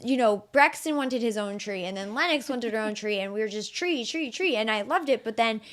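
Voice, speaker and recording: A woman's voice: a little high, brisk. A woman in her thirties hosting a podcast, chatting casually with a friend and telling stories with quoted asides. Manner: gushing, animated storytelling with quoted asides. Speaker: podcast host. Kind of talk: casual chat.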